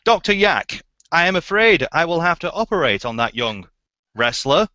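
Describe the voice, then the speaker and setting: A man's voice: on the high side, sing-song, normal speed, pushed and bright, dry recording, voice pushed up. A man voicing a hammy male soap-opera doctor delivering a dramatic line. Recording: dull, dry lo-fi audio.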